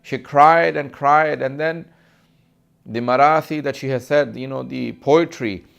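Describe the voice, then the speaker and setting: A man's voice: mid-range voice, measured pace, creaky, a bit bright, smooth, highs cut off. A man delivering a mournful sermon, recounting a lament in a grieving, heartfelt tone. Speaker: speaker.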